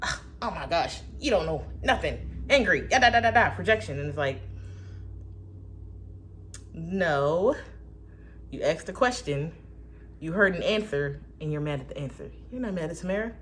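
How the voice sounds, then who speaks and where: Animated woman with blunt, profane asides. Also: deep voice, measured pace, pauses often, slight background noise. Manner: animated, swinging between loud outbursts and soft whispered asides. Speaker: vlogger. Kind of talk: casual spiritual musing.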